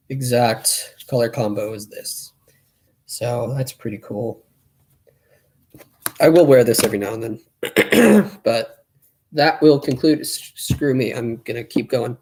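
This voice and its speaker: A young man chatting casually on a live stream, rambling quickly and running out of breath as he talks. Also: mid-range voice, a little mellow.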